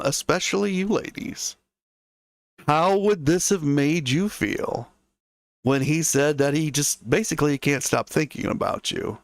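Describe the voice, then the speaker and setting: Chatty man with a fairly high, dry voice. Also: dry recording. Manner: chatty, musing asides to viewers. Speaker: history show host. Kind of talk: casual livestream history narration.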